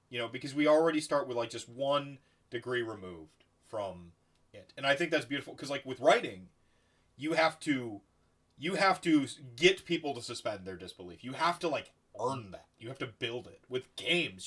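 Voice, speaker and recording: Man, podcast host, casual chat, swears a lot, lively delivery, restarts sentences. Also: medium pitch. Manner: animated, swearing, trails off and restarts.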